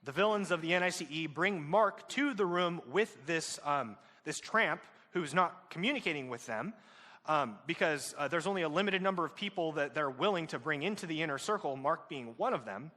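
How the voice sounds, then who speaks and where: A man's voice: on the high side, animated, moderate pace, pushed and bright, long reverb tail. A male teacher retelling a novel's plot to his students, with fillers and questions to the class.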